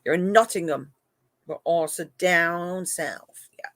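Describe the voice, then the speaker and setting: A middle-aged live-stream host and moderator from England, whose accent blends northern and southern English, chats casually with viewers, laughs often and talks to pet cats. The voice is medium-pitched and a bit bright, taken slowly, with no echo.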